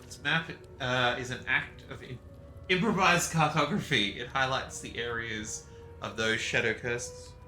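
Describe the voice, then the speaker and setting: A man's voice: medium pitch, unhurried, sharp tone, echoey room, soft background music. A man giving casual, meandering commentary as he plays a video game, chatting to his cat along the way. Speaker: gaming streamer. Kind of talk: casual let's-play commentary.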